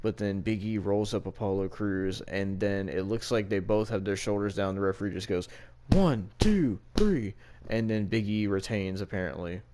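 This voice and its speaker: A man's voice: low-pitched, flat delivery, brisk, few pauses, darkish tone, slight background noise. A man co-hosting a casual wrestling review, ranting in exasperation and swearing freely. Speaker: podcast co-host.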